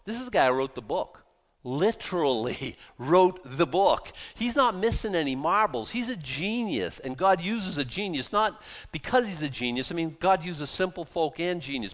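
A man's voice: on the high side, very animated, normal speed, fairly bright tone. A man preaching a casual, conversational Bible sermon, folksy and self-deprecating, often restarting his sentences. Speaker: pastor.

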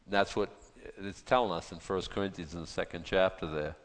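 A man's voice: low voice, fairly even intonation, a little fast. A man preaching an informal Bible study, reading verses aloud and adding chatty, folksy asides. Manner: conversational, reads scripture aloud, folksy asides. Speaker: pastor. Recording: long hall reverb.

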